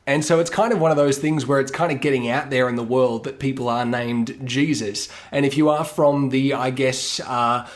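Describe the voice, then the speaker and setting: A man co-hosting a podcast, speaking at an ordinary middle pitch. He rambles with little hedges and fillers. He slips into short mock dialogues to make a point. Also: fairly even intonation, normal speed, few pauses. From Australia. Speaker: podcast co-host. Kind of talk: casual chat.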